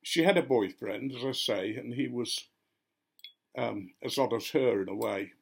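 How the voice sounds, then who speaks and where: A man's voice: medium pitch, measured pace, vocal fry, slightly rough. An older man, a retired vicar, telling a story casually and acting out the voices of the people in it. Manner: gently amused, acting out quoted voices.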